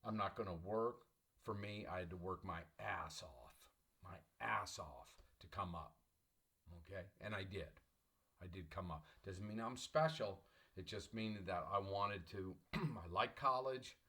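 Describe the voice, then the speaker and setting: Middle-aged guy teaching college english online, punchy and repeats himself a lot, lowish voice with a bright edge. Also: expressive, unhurried. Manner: emphatic, repetitive, motivational talk; clears his throat often. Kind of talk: recorded online class lecture.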